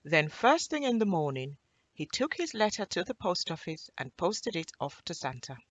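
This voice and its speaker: Expressive woman reading a children's story. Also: lowish voice, normal speed, no room sound.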